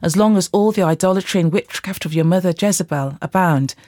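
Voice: medium pitch, a little fast, a little mellow, dry recording, studio quality, lightly acted. A Bible reader voicing a fierce male army commander who has just been made king, speaking sternly in a scripture reading. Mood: commanding.

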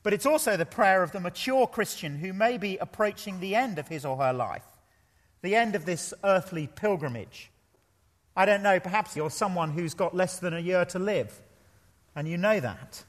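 A man preaching from the pulpit in an earnest, emphatic way, leaning on repeated phrases. His voice sits fairly high, and long reverb from a large hall trails after each line. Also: normal speed. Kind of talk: sermon. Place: church pulpit.

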